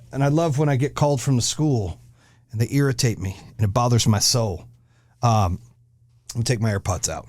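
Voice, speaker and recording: A man's voice: mid-range voice, a little mellow, no room sound, studio quality. A man hosting a podcast, delivering a blunt, aggressive monologue full of swearing. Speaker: podcast host. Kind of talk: profane ranting monologue.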